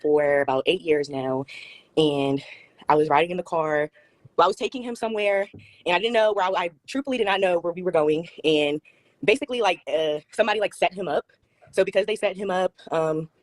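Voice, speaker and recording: A woman's voice: on the low side, no echo. A woman in her twenties being interviewed, hesitant and full of fillers. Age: 20s. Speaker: interview guest. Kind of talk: casual interview.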